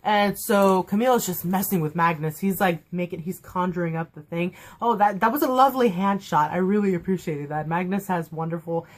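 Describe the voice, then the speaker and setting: A woman's voice: fairly low pitch, brisk, few pauses. A young woman chatting through a casual fan review of a TV episode, gushing and filling her talk with "like". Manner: gushing, chatty, heavy use of "like" fillers. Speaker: TV show reviewer.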